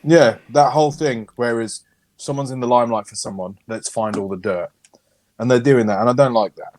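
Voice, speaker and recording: A man co-hosting a casual podcast, chatting with animated energy and plenty of swearing. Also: medium pitch, a little fast. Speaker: podcast co-host. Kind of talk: casual banter.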